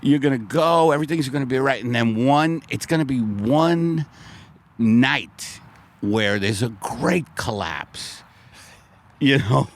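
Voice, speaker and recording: A man hosting a comedy podcast in casual chat, animated, swinging between loud bursts and low mutters. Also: slow. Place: outdoors in a park.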